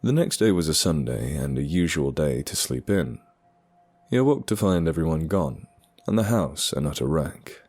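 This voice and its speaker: A man narrating a horror story with expressive storytelling. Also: rumbling low, moderate pace, slightly rough. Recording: dark music underneath.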